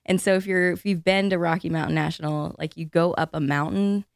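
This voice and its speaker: A woman in her thirties chatting casually as a co-host, a lively storyteller who laughs between her sentences. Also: fairly low pitch, fairly quick, vocal fry, no echo, clean studio sound. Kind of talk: casual chat.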